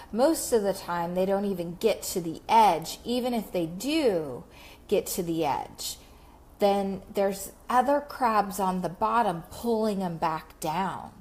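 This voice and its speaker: A woman voicing an easygoing man who catches crabs by a harbor, explaining matter-of-factly. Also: high voice.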